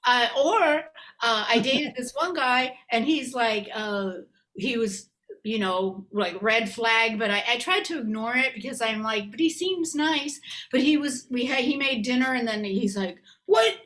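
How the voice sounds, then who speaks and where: A woman's voice: a little high, a little slow, fairly bright tone, slight background noise. Rambling, self-deprecating woman comic. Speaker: comedian. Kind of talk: stand-up comedy over a video call. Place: her apartment. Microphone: video call.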